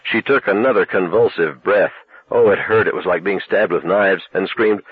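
A man narrating a novel in a steady, measured voice. He sits low in pitch, with a very husky, breathy grain. The sound is thin and phone-like. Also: dry recording. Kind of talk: audiobook narration. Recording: tinny narrow-band recording.

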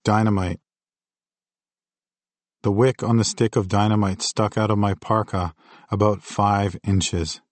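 A man reads his memoir aloud in a scripted audiobook style. His telling is candid and reflective, in a fairly low voice. The sound is dry and close, with no room echo. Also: darkish tone. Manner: candid, reflective first-person storytelling. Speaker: memoir narrator.

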